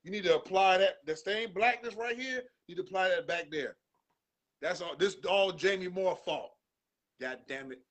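High, bright man on a loud sports rant. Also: moderate pace. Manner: loud, profane, ranting with slang; animated, breaks into shouts. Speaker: podcast host.

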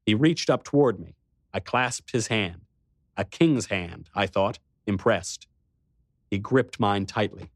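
Low-voiced man narrating a story. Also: slow, dry recording, clean studio sound. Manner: expressive storytelling reading. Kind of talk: first-person audiobook narration.

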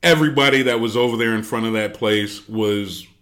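A man telling a long story in casual chat, animated, with frequent fillers and restarts. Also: lowish voice, fairly quick. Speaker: podcast storyteller.

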